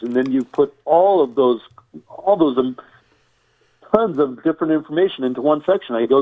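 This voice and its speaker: A man talks as a guest in an interview, explaining step by step and piling up lists and rhetorical questions. His voice sits at a middle pitch and comes through a narrow, tinny line like a phone call. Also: expressive, moderate pace. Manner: enumerating, repetitive, rhetorical questions. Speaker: survival expert guest.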